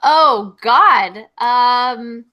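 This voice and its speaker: A woman's voice: a little high, highs cut off. A woman co-hosting a comedy podcast in casual chat, reacting to her co-host with disbelief. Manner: incredulous, quick to react.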